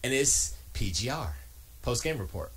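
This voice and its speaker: A man rants casually from his home studio, his voice at a middle pitch but swinging widely up and down. He restarts his sentences often and drops mocking asides as he goes. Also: very animated, normal speed, fairly bright tone, husky. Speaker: streamer and podcast host. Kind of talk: casual rambling commentary.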